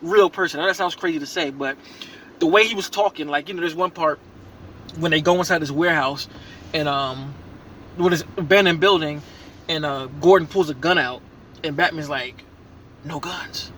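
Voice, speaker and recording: A man giving an excited, rambling reaction review of a movie he just saw, full of slang and restarts. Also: fairly high pitch, a little fast, a little hiss or hum.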